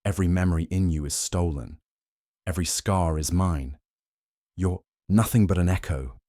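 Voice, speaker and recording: A man voicing the hero's ruthless male double in an audio story, flat and without warmth. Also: low-pitched, moderate pace, no room sound, studio quality, natural voice. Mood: cold.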